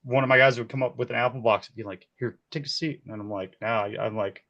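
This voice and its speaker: A man in his forties tells his stories with lively energy, often laughing and slipping into the voices of the people he quotes. His pitch sits in an ordinary middle range. The recording sounds a little dull and lo-fi. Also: fast. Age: 40s. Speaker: key grip, interview guest. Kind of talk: casual storytelling.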